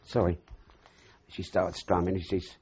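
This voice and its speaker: A man's voice: sits low, little pitch movement, moderate pace, a little mellow, husky. An older man being interviewed, rambling through anecdotal memories and acting out the dialogue as he goes. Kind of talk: oral history reminiscence. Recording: dull lo-fi recording.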